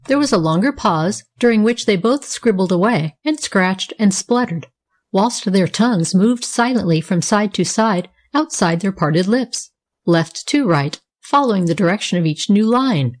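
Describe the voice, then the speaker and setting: A woman's voice: medium pitch, animated, moderate pace. Woman narrating a children's audiobook. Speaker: volunteer audiobook reader.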